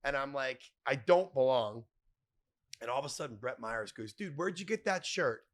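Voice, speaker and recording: A man telling wild stories as a podcast guest, animated and profane, acting out other people's lines. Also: medium pitch, moderate pace. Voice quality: animated, profane, acts out quoted voices. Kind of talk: casual storytelling.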